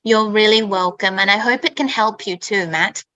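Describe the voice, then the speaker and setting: An Australian-raised woman who works as a host and English teacher leads a casual online chat, speaking emphatically, repeating herself, and constantly asking "okay?". Her mid-range voice has a sharp tone at normal speed, on a low-quality recording with no room sound.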